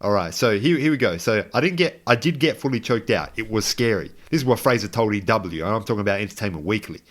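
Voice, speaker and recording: Low-voiced man rambling in casual chat. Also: expressive, fast talker, a bit bright. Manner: rambling, chatty, many restarts and tangents. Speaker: podcast co-host.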